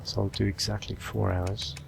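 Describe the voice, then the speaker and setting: A man giving relaxed let's-play commentary, thinking aloud as he sorts through supplies and plans his next move. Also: lowish voice, moderate pace, gravelly, slight background noise. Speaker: gameplay commentator.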